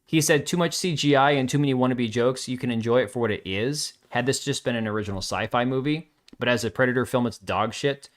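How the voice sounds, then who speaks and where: A man's voice: medium pitch, quick pace, few pauses. Blunt, sarcastic man hosting a livestream. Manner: blunt, sarcastic, reads viewer comments aloud. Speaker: livestream host. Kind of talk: casual live commentary.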